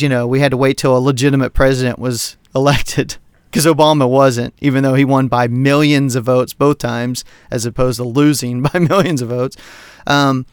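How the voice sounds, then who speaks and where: A man co-hosting a podcast, ranting about politics in a heated, profane, animated way. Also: mid-range voice, clear, resonant tone, no echo, clean studio sound. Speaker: podcast co-host. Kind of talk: casual political rant.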